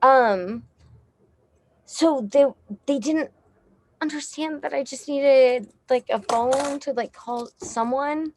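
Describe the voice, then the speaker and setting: A woman's voice: high-pitched, takes it slowly, slight background noise. A young woman from Texas, a musician guest telling a story casually, rambling with lots of fillers, swearing and laughing often.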